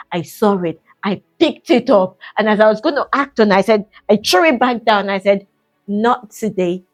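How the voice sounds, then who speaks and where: A middle-aged woman giving a casual mindset coaching talk, chatty and encouraging, addressing the listener as "sis". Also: medium pitch.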